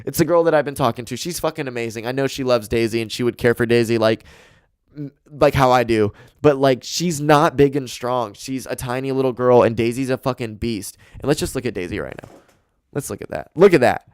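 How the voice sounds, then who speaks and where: Young male podcast host, dry close mic, excitable and profane. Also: medium pitch, a little fast, clean tone, no room sound. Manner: rambling, swears a lot, excitable. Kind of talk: casual solo chat. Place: home room with dog and carpet. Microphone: desk mic and camera.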